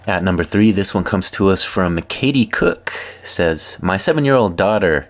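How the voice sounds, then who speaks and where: A man hosting a comedy video, reading funny posts aloud with wry, deadpan asides. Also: deep voice, normal speed, hardly any pauses. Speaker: host reading viewer posts.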